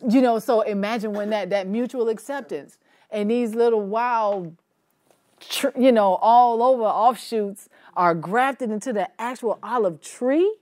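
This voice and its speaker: A woman's voice: on the high side, measured pace, a little mellow. Woman teaching a church bible study, chatty, tosses questions to the group, laughs a lot. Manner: conversational, asks the group questions, laughs easily.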